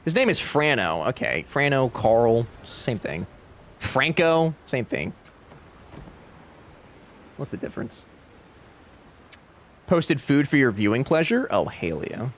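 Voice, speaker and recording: A man's voice: mid-range voice, very animated, slow pace, pauses often, slight background noise. A man streaming a game, chatting with his viewers in a playful, teasing way. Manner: playful, teasing, jokey banter. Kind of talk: casual live-stream chat with viewers.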